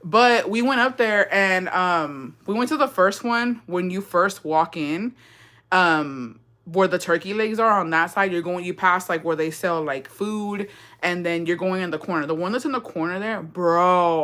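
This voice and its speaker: A woman's voice: on the low side, unhurried, a bit bright. A young woman hosting a livestream, telling a story in a slangy, profane, chatty rant and reading out viewer comments. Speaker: livestream host.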